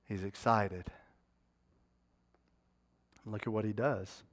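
A man's voice: on the low side, fairly even intonation, takes it slowly. A man preaching a sermon, retelling a scripture story and often turning to the congregation with rhetorical questions.

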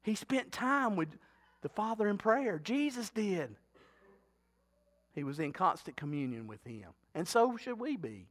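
High, bright-voiced folksy preacher man. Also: very animated, a little slow. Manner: folksy, talkative preaching with rhetorical questions to the congregation. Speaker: pastor. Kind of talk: sermon.

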